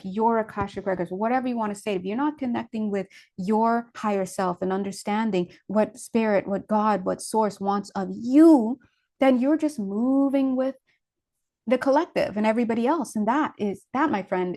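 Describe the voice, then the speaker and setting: A woman giving a casual spiritual tarot reading, rambling and correcting herself as she goes, with lively asides. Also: fairly high pitch. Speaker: spiritual reader.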